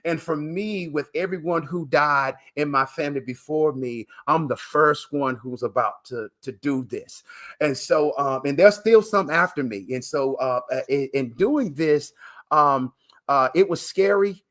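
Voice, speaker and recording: A man's voice: a little high, unhurried, a bit bright. A man being interviewed on a live video broadcast, talking emotionally and in a preacher-like way, with many fillers and repeated words. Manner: emphatic and preacher-like, calling the listener "man". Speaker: guest, transplant recipient and coach. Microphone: live video call broadcast.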